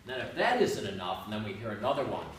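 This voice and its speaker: Addressing his congregation in a church hall, a Catholic priest delivers a relaxed homily full of jokes and emphatic asides that rise in pitch. He talks fast in a fairly low, very animated voice, captured from a distance in an echoey room with a little hiss or hum.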